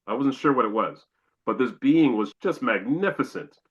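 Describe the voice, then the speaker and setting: A man's voice: medium pitch, animated, normal speed, a bit bright, husky, highs cut off. A man from Canada, a podcast guest, telling a long personal story and acting out his own exclamations.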